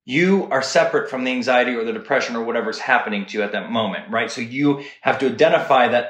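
A man talking as a podcast guest, earnest and animated, often checking in with "right?". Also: mid-range voice. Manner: earnest, animated, talks fast with many "right?" asides. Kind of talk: casual podcast chat. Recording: roomy echo.

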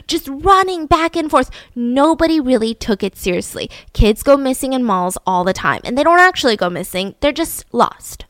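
Animated woman retelling a true story. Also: high-pitched, moderate pace, few pauses, dry recording, studio quality. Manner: animated, builds suspense, frequent "right?" asides. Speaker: podcast host telling a true story. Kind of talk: casual storytelling.

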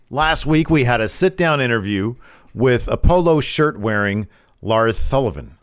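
A man's voice: mid-range voice, a little slow, clear, resonant tone, dry recording, clean studio sound. A man co-hosting a podcast, telling stories with energy and acting out the lines of the people he quotes. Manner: animated storytelling, mimics people he quotes. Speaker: podcast co-host. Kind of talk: casual recap chat.

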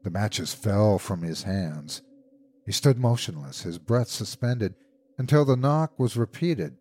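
Low-voiced male horror narrator. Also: expressive, dark tone. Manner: measured, suspenseful, dramatic. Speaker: horror podcast host and narrator. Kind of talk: dramatic horror story narration.

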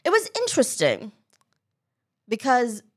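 A woman comedian as a podcast guest, telling a story in a lively way and acting out the people in it. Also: fairly high pitch, unhurried, slightly rough. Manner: animated storytelling, acts out quoted people. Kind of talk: casual podcast conversation.

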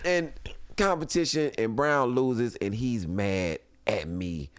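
A man telling a funny story in casual chat, animated and laughing often, acting out other people's voices. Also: mid-range voice, slow pace, smooth, no room sound. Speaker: comedian guest. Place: home studio.

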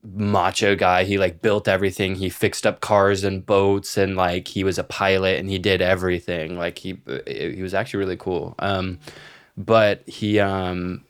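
Low-voiced young man telling stories, swearing. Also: normal speed, clear, resonant tone. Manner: animated storyteller who swears freely and acts out quotes. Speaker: podcast co-host. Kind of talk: casual chat, storytelling.

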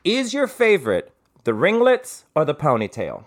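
A woman with a low voice that swoops widely, hosting a casual podcast chat. She gushes campily, swears with affection and gasps in delight. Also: wildly swooping pitch, moderate pace. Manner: campy, gushing, calls guest bitch, gasps often. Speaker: podcast host.

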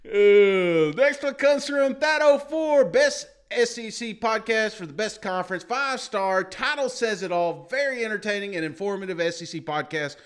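A man's voice: high voice, animated, moderate pace, hardly any pauses. A man co-hosting a sports podcast, reading listener reviews aloud with jokey asides and frequent laughter. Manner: jokey, laughs often, mock-dramatic asides. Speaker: podcast co-host.

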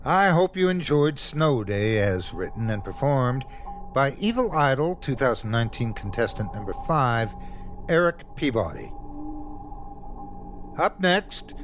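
A man's voice: mid-range voice, sing-song, a little slow, soft background music. A man introducing the next story on a horror fiction podcast in a scripted, announcing way. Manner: announcing, theatrical. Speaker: podcast host.

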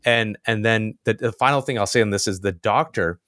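A man telling a personal story in conversation, animated, acting out other people's lines with big jumps in pitch. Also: fairly quick, no echo, studio quality. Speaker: guest.

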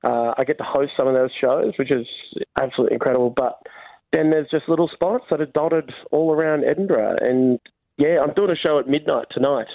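A man's voice: a little high, fairly quick, gravelly, no echo, narrow, tinny audio. A comedian from Australia, a man chatting casually and laughing at himself. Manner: laughing, self-deprecating, chatty. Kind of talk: casual phone chat.

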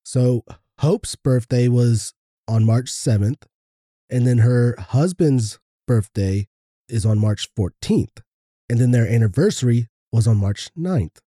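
A man co-hosts a podcast in easygoing, casual chat and reads out listener requests. His voice is very dark and mellow, with a husky edge, and the recording is dry. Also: mid-range voice, takes it slowly, no echo. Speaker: podcast co-host.

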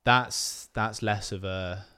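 British guy, low-pitched, lively storyteller, podcast guest. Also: slow pace, clear, resonant tone. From Britain. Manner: animated storytelling, breaks into voices to quote people. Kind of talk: casual chat.

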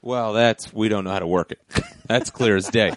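A man's voice: lowish voice, moderate pace, dry recording. A man co-hosting a podcast, giggling often and stammering through friendly agreement. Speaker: podcast co-host. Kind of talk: casual comedy chat.

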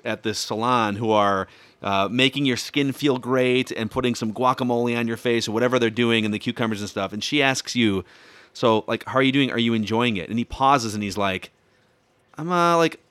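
A man chatting casually as a podcast guest, joking and telling animated stories. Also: mid-range voice, no room sound. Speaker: podcast guest, sports media personality. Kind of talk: casual chat.

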